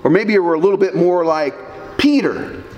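A pastor with a strikingly high voice delivers an animated sermon, tripping over his words and restarting often. His voice rings through a church with a long, roomy echo. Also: normal speed, dull audio, a little hiss or hum. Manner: animated preaching with stammered restarts. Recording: echoey church hall.

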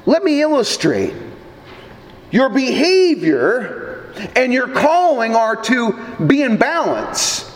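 Casting: a high-pitched male pastor, slow, deliberate and lively, with a long echoey hall reverb. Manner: animated storytelling preacher, deliberate. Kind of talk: sermon.

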